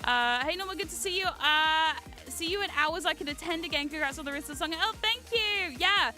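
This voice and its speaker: A woman streamer chatting casually on a live stream, excitable and giggly, swearing freely. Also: high-pitched, quick pace, faint music behind. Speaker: VTuber streamer.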